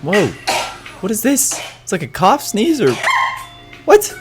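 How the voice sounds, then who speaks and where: A man hosting a reaction video in casual, jokey commentary, excitable and swinging from low mutters to squealing laughs. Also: slow pace, over music. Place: outdoors area with wind nearby.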